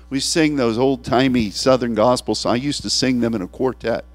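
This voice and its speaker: A man's voice: medium pitch, a little fast. Tearful male pastor preaching with mains hum. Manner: animated, acts out quoted voices, laughs between lines. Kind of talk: sermon.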